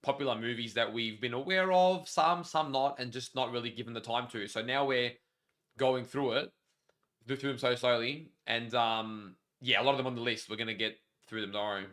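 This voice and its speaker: A young man co-hosts a casual live stream in a bright, forward voice at a middling pitch. He jokes around and reads comments from the chat as he goes. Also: fairly quick. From Australia. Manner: joking, banters and reads out chat.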